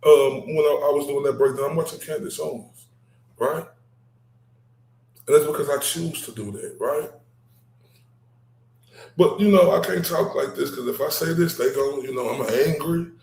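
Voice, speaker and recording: Gravelly livestream host, echoey room. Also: male voice, fairly high pitch, normal speed, long pauses. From Dallas, Texas. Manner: animated, repeats "right?" and laughs often. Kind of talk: casual livestream chat.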